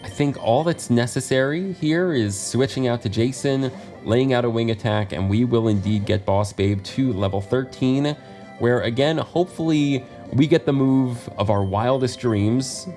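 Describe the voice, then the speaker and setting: An American man gives casual commentary as he plays through a video game. He is chatty and quick to laugh at himself, with a voice at an ordinary middle pitch. Soft game music runs behind him. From United States. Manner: chatty, laughs often, self-deprecating asides. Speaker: let's play host.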